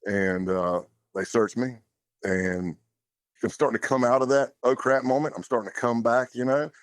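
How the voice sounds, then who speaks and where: A man's voice: mid-range voice, fairly even intonation, moderate pace, no echo. A man talking as a podcast guest, telling his story in a plainspoken, loose way with casual fillers. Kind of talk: conversational storytelling.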